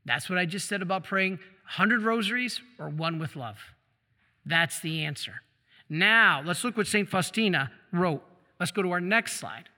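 High bright-voiced man giving a church teaching talk, emphatic, asks and answers his own questions, big echoey hall. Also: animated. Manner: emphatic, poses rhetorical questions and answers them; slows down when reading quotations aloud. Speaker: preacher at a shrine. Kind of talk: religious teaching talk with slides.

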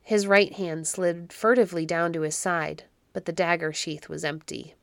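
A woman narrating a classic children's story in a measured, expressive reading. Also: lowish voice, gravelly, no room sound, studio quality. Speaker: audiobook narrator.

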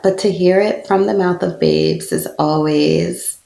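A woman's voice: lowish voice, wildly swooping pitch, unhurried, gravelly. A woman in her thirties, a spiritual speaker, telling a personal story in an earnest, reflective way during an interview. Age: 30s. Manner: earnest, personal, with soft laughs. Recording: echoey room.

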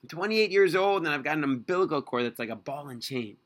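A man's voice: on the high side, animated, quick pace, fairly bright tone. A man voicing a bitter, worn-down young male patient in his late twenties, in a storybook reading. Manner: bitter and weary.

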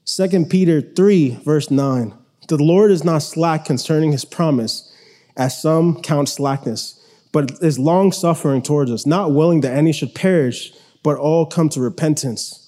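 Young male preacher, high mellow voice, casual talky sermon delivery with restarts. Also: unhurried.

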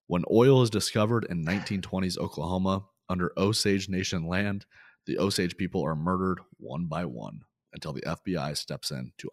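A man hosts a casual movie podcast, talking loosely, laughing often and swearing. His voice is low, and the clean studio recording has no room sound.

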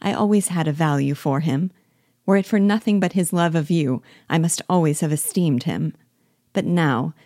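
A woman reading the part of a gentle, earnest young elder sister in an audiobook-style reading, sounding tender and easily astonished. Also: lowish voice, dry recording, clean studio sound, lightly acted. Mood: affectionate.

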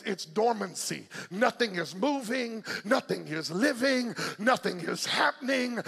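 A male preacher with a very high voice and a bright, forceful edge delivers a rhythmic church sermon. His voice is husky and gravelly, and his lines swell toward shouting. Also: long reverb tail.

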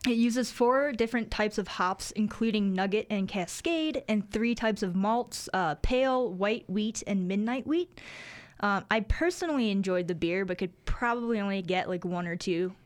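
Young woman, radio reporter, casual studio chat, filler-heavy, relaxed. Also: mid-range voice, normal speed. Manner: chatty, laughs easily, many fillers.

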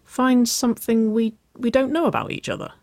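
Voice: mid-range voice, fairly even intonation, normal speed, darkish tone, no room sound, clean studio sound, voice pushed up, natural voice. A storyteller voicing a confident young woman on a first date, who grins and teases playfully. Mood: eager. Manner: grinning, playful teasing, flustered at times.

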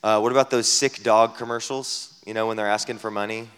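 Low-voiced pastor preaching in a reverberant hall. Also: male voice, steady tone, brisk, few pauses, smooth. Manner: conversational, many rhetorical questions, swings from hushed to loud. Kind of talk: sermon. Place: camp meeting hall.

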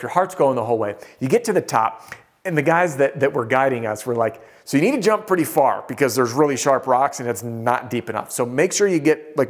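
Guy doing a motivational sales coach talk, storytelling, gets animated, speeds up and slows down a lot. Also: medium pitch. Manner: animated, storytelling, pace shifts often.

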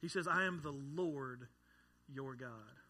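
A man's voice: mid-range voice, slow pace, sharp tone, slightly rough. A man in his thirties preaching a sermon to a congregation, conversational, with joking asides. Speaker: pastor.

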